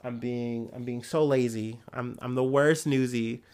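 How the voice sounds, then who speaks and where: A man's voice: mid-range voice, steady tone, a little slow, darkish tone, clean tone. A young man hosting a casual news podcast, rambling and swearing with many fillers and restarts. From Ohio.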